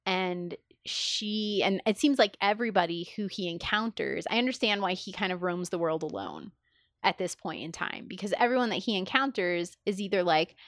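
A woman's voice: fairly low pitch, animated, normal speed, a bit bright, dry recording, studio quality. A woman in casual podcast chat, talking enthusiastically with lots of fillers and acting out quoted lines. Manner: enthusiastic, filler-heavy, acts out quoted dialogue.

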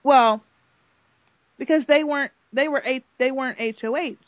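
A woman chatting casually as a podcast host, gossiping in an animated way and acting out what people said. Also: sits high, normal speed, no room sound. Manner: gossipy, animated, acts out quotes, laughs loudly. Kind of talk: casual chat recapping a reality show. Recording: dull lo-fi sound, dry.

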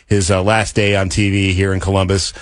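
Low-voiced male radio host, dry studio. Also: flat delivery, fairly quick, no room sound. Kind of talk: radio interview.

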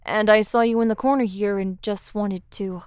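Woman voicing a bashful underworld god, apologetic and halting, smooth dry voice. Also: medium pitch, fairly even intonation, a little mellow, no echo, natural voice. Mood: flustered. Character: shy gentle young male god of the dead.

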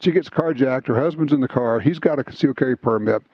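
A man hosting a casual talk show, telling stories in an animated, chatty way. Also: mid-range voice, fast, husky. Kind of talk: casual chat, storytelling. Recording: slightly dull lo-fi sound, dry.

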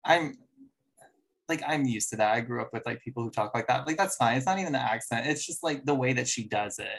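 A man in a casual podcast conversation, sharing frank opinions about a TV show. His voice is mid-pitched and plain. He laughs easily and talks in a loose, conversational way. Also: fairly quick, creaky, a bit bright, breathy edge. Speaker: podcast co-host. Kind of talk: casual reality-TV chat.

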